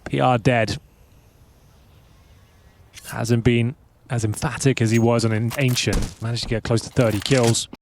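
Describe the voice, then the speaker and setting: A man commenting on esports in a laid-back, teasing tone on a headset. He chats easily between rounds. Clear background noise is heard throughout. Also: mid-range voice, fairly even intonation, a little slow, pauses often. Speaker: esports caster. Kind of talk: casual commentary banter.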